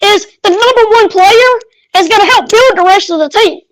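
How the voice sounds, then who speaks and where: Woman co-host, very high voice, agreeable chime-ins, dry sound. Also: moderate pace, no echo, low-quality recording. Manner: agreeing backchannel remarks. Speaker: podcast co-host. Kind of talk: casual podcast chat.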